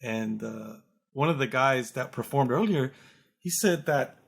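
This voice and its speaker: A male comedian hosting a casual chat, an animated storyteller who acts out the voices of the people he describes. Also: medium pitch, a little slow, gravelly, breathy edge. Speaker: comedian host.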